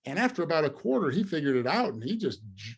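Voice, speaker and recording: A man in his fifties, a former football lineman, telling lively stories in an interview, often laughing and trailing into fillers. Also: on the high side, fast talker, husky. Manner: lively storyteller, laughs through punchlines, many fillers. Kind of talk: storytelling interview.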